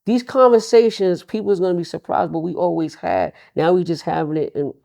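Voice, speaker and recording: A man's voice: sits high, a little fast, creaky, warm tone, no room sound, studio quality. A man, a union leader talking in a casual interview, streetwise and repeating words for emphasis. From Queens, New York.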